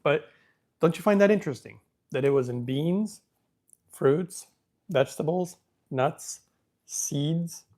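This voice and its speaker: A man's voice: fairly high pitch, expressive, slow pace, long pauses, darkish tone. A man hosting a casual live question-and-answer stream, thinking aloud as he reads from the screen and talking with easy self-assurance. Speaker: livestream host answering viewer questions.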